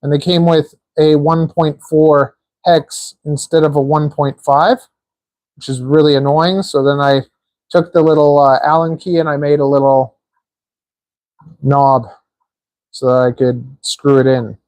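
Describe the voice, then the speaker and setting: A man's voice: a little high, steady tone, unhurried, a little mellow, no echo. Man, live-stream host, casual rambling chat, joking asides, hands-on tinkering, dry close sound. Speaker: livestream host building a drone.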